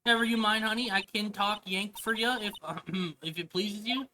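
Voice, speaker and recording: Brief: loud folksy Southern woman photographer, put on by a woman streamer, scolding drawl, pitched up. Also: normal speed, background noise, lightly acted.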